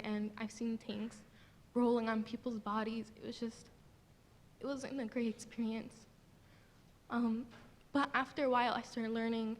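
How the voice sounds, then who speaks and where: A young woman from the audience telling a personal story, halting and tearful, with many fillers. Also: a little high, a little mellow. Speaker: audience member. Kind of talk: emotional personal testimony. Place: large theater.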